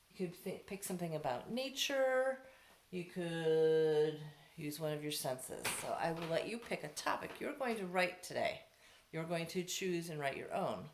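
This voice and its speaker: A woman teacher at home giving a remote lesson to children, explaining each step slowly and patiently. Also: on the low side, noisy background. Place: home, near the dining room.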